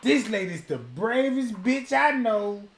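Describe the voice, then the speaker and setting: A man streaming a casual reaction commentary, loud and profane, who slips into sung bits and mock voices. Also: high voice, sing-song, takes it slowly. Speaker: streamer host.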